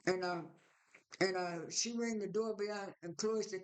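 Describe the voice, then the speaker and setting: A man's voice: high-pitched, fairly even intonation, measured pace. A man in his sixties casually retelling a reality show episode, rambling with many restarts and repeated words. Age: 60s. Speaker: show recap vlogger.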